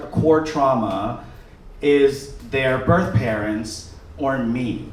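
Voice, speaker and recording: A man's voice: fairly high pitch, unhurried. A man performing a stand-up comedy set with a wry, rambling, self-mocking delivery, live in a theater. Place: theater stage, live audience. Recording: echoey theater, far mic, crowd laughter.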